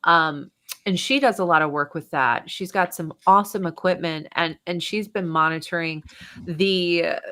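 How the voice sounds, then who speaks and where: Bright-voiced woman, podcast guest. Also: on the low side, moderate pace. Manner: conversational, with frequent um and like. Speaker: podcast guest, Bigfoot researcher. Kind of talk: casual interview.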